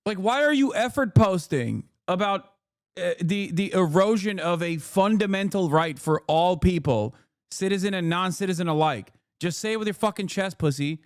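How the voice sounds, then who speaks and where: A man's voice: high-pitched, expressive, moderate pace, clean tone, no echo, clean studio sound. A man in his thirties commenting on a livestream, profane and heated, mocking with sarcastic mimicry and bursts of laughter. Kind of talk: reacting to clips and articles on stream.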